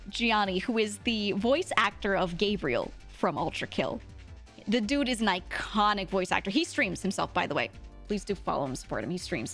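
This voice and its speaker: Gushing, lively woman streamer. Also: medium pitch. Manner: gushing, excitable, giggly. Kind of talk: casual chat.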